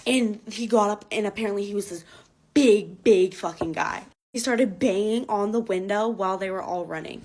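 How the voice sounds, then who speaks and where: A woman recounting a frightening night in a casual storytime. She talks in a breathless, profane rush, with a voice of ordinary middle pitch. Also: normal speed, darkish tone.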